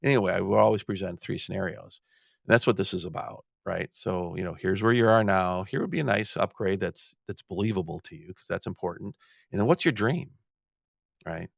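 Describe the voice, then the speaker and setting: A middle-aged man hosts his own podcast in a loose, rambling monologue. His voice sits low with a gravelly edge, and he stammers and restarts often as he tells his stories. The sound is dry and close. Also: a little fast, no room sound. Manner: storytelling with many restarts and stammered repeats. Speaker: podcast host.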